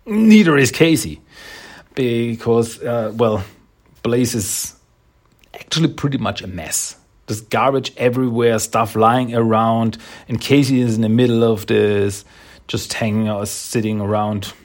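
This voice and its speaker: A man's voice: medium pitch, measured pace. A man casually recapping a comic book issue in a rambling, hesitant way, with many restarts and chuckles.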